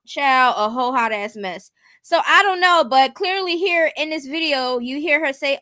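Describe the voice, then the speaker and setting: A high-pitched, expressive woman speaks at normal speed with a sharp tone, recorded dry. Hosting casual commentary, she stays blunt and rhetorical and keeps putting "you get what I'm saying" to her viewers.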